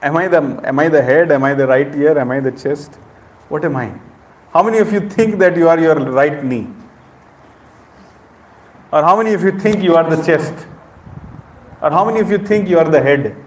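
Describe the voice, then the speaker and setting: A man's voice: on the high side, normal speed. A middle-aged man with an Indian accent giving an interactive spiritual lecture, questioning the audience directly. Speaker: spiritual speaker. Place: temple hall with audience. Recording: echoey hall.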